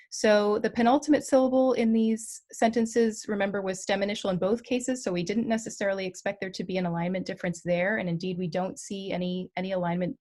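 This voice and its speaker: A woman giving an academic linguistics talk online, explaining slides carefully with frequent ums and self-corrections. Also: mid-range voice. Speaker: guest lecturer.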